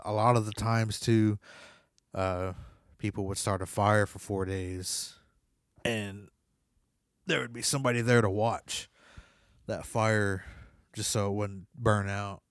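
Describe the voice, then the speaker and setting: A man's voice: fairly low pitch, little pitch movement, measured pace, pauses often, no room sound, studio quality. A young man casually telling a spooky personal story, rambling with lots of "like" and "you know.". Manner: swears in quoted reactions. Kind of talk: casual spoken ghost story.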